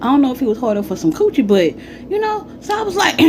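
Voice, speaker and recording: A woman telling a casual storytime with slangy, profane, animated delivery. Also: high voice, fast, a little hiss or hum, poor audio.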